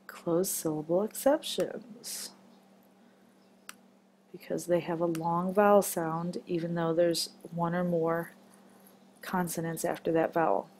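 A woman's voice: lowish voice, darkish tone, a little hiss or hum. A woman teaching a children's phonics lesson, patient and encouraging as she marks words step by step.

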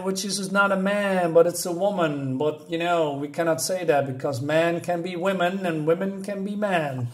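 Man, comic reviewer, mocking and sarcastic, slightly higher voice. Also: moderate pace.

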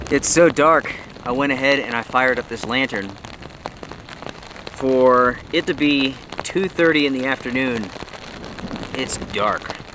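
A man's voice: medium pitch, slow pace, long pauses. Man vlogging outdoors in heavy rain. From North Carolina. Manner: easygoing, chatty, addresses viewers directly. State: out of breath. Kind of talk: casual vlog narration to camera. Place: outdoors under a tarp in a rainy forest. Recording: outdoor camera mic with steady rain noise. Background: rain falling on a tarp.

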